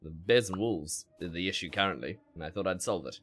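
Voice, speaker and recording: A man's voice: sits low, brisk. A man streaming a survival game, chatting with viewers and narrating his fights with lots of laughter. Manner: animated, laughs often, talks to himself. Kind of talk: gameplay commentary with chat reading.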